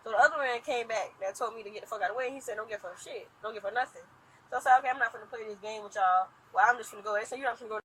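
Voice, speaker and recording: A woman rapidly retelling events to a police officer, animated, acting out what others said. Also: a little high, slightly rough, poor audio. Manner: rapid, animated storytelling with quoted dialogue. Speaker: complainant talking to police. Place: outdoors at an impound lot. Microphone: police bodycam.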